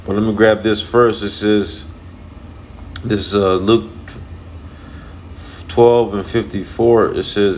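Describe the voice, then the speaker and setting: A man teaching from scripture in an informal, conversational way, reading verses slowly and then explaining them loosely. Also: on the low side, flat delivery, a little mellow, a little hiss or hum. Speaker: preacher.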